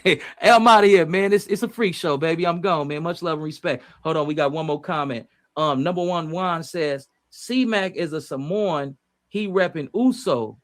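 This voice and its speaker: A man hosting a music reaction livestream, reading viewer comments in slangy casual chat and sometimes breaking into loud, excited rants. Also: a little high, dry recording. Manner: slangy, repetitive, shouts at times.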